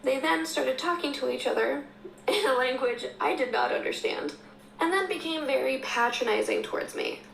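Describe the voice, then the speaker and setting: A woman telling a funny story in a short social video, wry and deadpan. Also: high-pitched, normal speed, gravelly, roomy sound, a little hiss or hum, rough recording. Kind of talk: storytelling clip.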